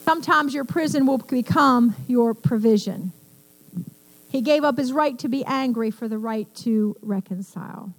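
A woman's voice: on the high side, normal speed. An older woman preaching a sermon, telling stories with passion and acting out the quoted lines. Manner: impassioned, storytelling with acted quotes. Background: piano music.

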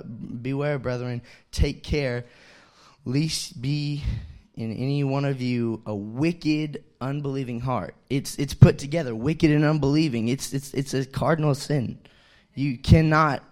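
A man's voice: mid-range voice, measured pace. Chatty young man preaching. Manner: loose and chatty, many fillers, swells louder on key points. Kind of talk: casual sermon.

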